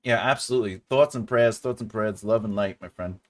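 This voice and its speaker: A man's voice: fairly low pitch, brisk. A man with a New York accent hosting a live-stream writing lesson, chatting with viewers and laughing often.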